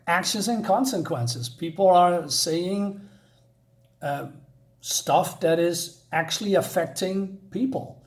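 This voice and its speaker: A man giving a casual, loosely structured comic review, pausing and restarting often before bursting into enthusiastic asides. His voice sits slightly high for a man. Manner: hesitant, many fillers and restarts, enthusiastic asides.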